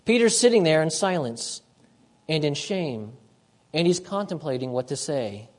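A man preaching a sermon, emphatic, repeating his key phrases and moving between loud and hushed delivery. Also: a little high, lively intonation, moderate pace.

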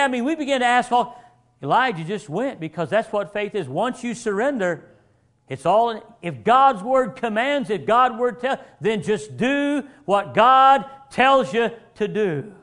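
A man preaching a sermon, animated and acting out the voices he quotes, sometimes rising to shouts. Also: very high voice, moderate pace.

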